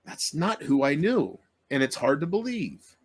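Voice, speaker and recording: A man's voice: on the high side, sing-song, unhurried. Upset man ranting to his viewers. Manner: upset, pleading, profane, repeats himself. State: close to tears. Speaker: vlogger. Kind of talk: emotional rant to viewers.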